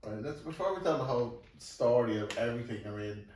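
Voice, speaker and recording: A man quickly cuts into a casual podcast chat with brisk remarks. He sits well back from the mic in a strongly echoing room. A faint background noise sits under his voice. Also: medium pitch, expressive, darkish tone, recorded from a distance. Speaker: podcast co-host.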